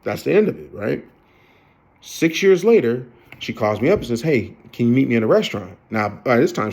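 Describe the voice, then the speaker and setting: A man of fifty telling a long personal story to the camera, rambling and profane, with many fillers and restarts. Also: on the low side. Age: 50s. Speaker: vlogger.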